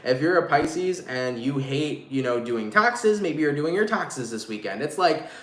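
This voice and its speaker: A man gives a casual live tarot reading to viewers, using slang and swearing freely. His voice is fairly high, animated and fairly bright, at a measured pace, recorded in an echoey room with faint noise.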